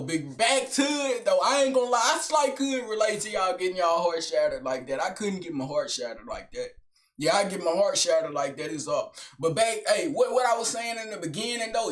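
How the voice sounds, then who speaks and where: A young man doing a high-energy comedic rant to camera, slangy and swaggering, swinging between shouting and low mutters. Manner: slangy, keeps tagging lines with son and big brother. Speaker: comedic vlogger.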